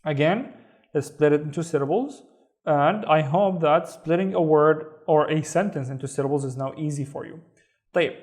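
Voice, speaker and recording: Slow and careful, this man runs an online language class in a Saudi Arabic accent, saying each word again for pronunciation practice. His voice is on the high side, with a darkish tone.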